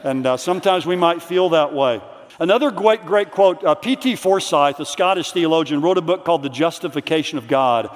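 A man preaching a conference sermon in earnest, reading quotes slowly so they sink in. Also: fairly high pitch. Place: large hall. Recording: long hall reverb.

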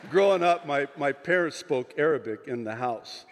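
A male pastor preaching a conference sermon, moving from quiet asides to impassioned shouting with joking digressions. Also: a little high, animated, normal speed. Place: large conference hall. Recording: long hall reverb from a live conference.

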